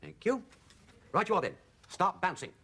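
An actor playing a fussy, self-important middle-aged husband in a 1980s sitcom. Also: male voice, sits high, very animated, moderate pace, sharp tone, breathy edge, heavily acted. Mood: pompous. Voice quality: fussy, pompous manner.

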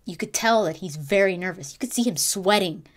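Female gaming vlogger, mid-pitched, excitable and gushing, casual fan chatter full of restarts. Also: brisk.

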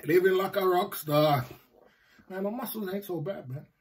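A man's voice: high-pitched, moderate pace, slightly rough. A man chatting loosely on a livestream, boastful and rambling. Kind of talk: casual livestream chat.

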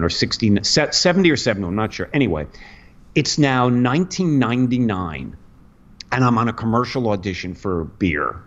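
Middle-aged male comic, chatty storyteller who keeps circling back, swinging pitch, muffled lo-fi sound. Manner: rambling and animated, full of restarts and movie impressions. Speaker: comedian guest. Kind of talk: casual podcast storytelling. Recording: dull lo-fi podcast audio.

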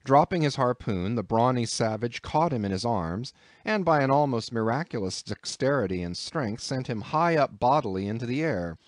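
A man reading a classic novel aloud as an audiobook narrator, measured and expressive. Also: medium pitch, no echo, studio quality.

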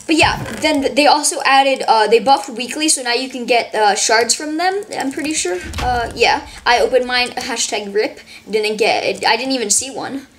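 A woman giving casual, rambling gameplay commentary full of "like", her voice a bit worn from yelling. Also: on the high side, normal speed, hardly any pauses, slight background noise. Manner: rambling, fillers of "like", excitable. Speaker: gaming channel host.

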